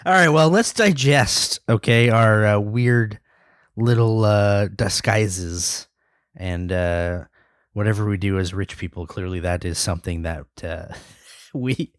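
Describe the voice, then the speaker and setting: A man's voice: fairly low pitch, takes it slowly, no echo. Podcast host, male, playful and chatty, dry close sound. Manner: playful, wraps up segments. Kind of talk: casual podcast chat.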